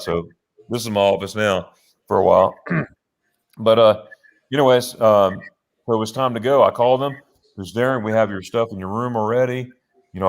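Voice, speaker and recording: A man hosting a casual live show, telling a long rambling story with many restarts from his home office on a laptop. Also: lowish voice. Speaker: host.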